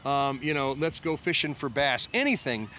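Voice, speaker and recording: Here a musician spins a loose, self-mocking story about the studio, voicing the people he quotes. He speaks in an animated mid-range voice at a moderate pace, pushed and bright in tone, over a dull lo-fi recording carrying faint noise.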